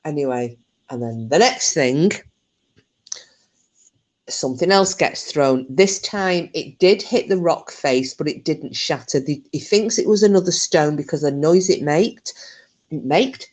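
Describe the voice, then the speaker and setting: A woman's voice: sits low, lively intonation, a little slow, a little mellow. A woman hosting her channel, casually retelling a true story, chatty, swearing freely and laughing often.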